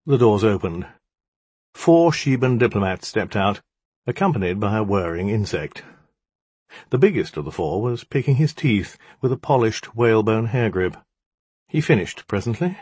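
A man's voice: on the low side, a little mellow, husky, no room sound. A man narrating a story in a wry, dramatic storytelling manner. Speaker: audiobook narrator. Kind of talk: scripted narration.

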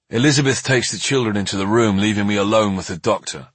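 Husky-voiced male audiobook narrator. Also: fairly low pitch, quick pace, hardly any pauses, no room sound. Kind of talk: first-person scripted narration.

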